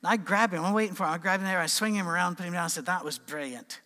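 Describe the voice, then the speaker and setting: A man's voice: sits high, steady tone, very fast, sharp tone. A middle-aged man, preaching and telling a funny family story, acting out the voices. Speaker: pastor. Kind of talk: sermon with humorous storytelling. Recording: long hall reverb.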